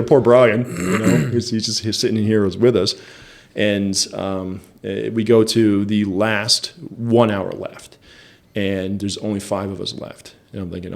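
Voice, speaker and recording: A man's voice: on the low side, flat delivery, unhurried, vocal fry, darkish tone. A man telling a story in a casual interview, chatty and self-deprecating. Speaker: interview guest.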